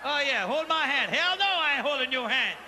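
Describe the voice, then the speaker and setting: On a theater stage, a man with a Cajun accent does folksy, chatty stand-up storytelling and teases the audience, his very high voice expressive, brisk, pushed and bright. Long hall reverb and faint noise fill the live recording, along with audience laughter.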